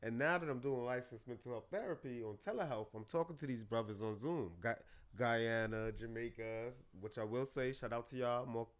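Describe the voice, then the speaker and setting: A man talking as a therapist guest on a podcast, animated and acting out his clients' voices. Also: medium pitch, normal speed, few pauses. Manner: animated, acts out clients' voices, calls listeners brother. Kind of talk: podcast conversation.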